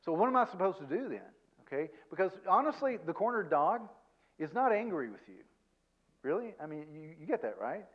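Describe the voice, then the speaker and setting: A man's voice: high voice, sing-song, fairly quick. Chatty male seminar speaker, lo-fi. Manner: chatty, self-deprecating, peppers points with "okay?" and "right?". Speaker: guest speaker and counselor. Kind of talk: conversational seminar talk to a church audience.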